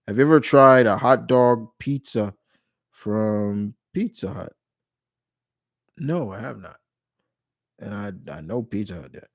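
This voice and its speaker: A man's voice: on the low side, lively intonation, slow pace, long pauses. A man hosting a live stream Q&A in casual chat, rambling and often restarting or correcting himself mid-sentence. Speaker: live stream host answering viewer questions.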